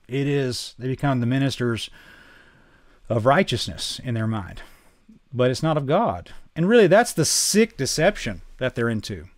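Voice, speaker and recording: A man with a Southern accent, preaching and chatting casually to camera as host, earnest and dropping low and quiet to stress his points. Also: no room sound.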